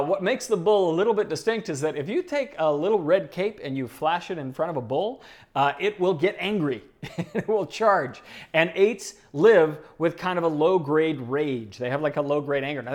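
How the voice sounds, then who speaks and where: A man giving an animated teaching talk, telling stories with asides and chuckles. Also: a little high. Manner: lively storytelling with asides and chuckles. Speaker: speaker on personality types.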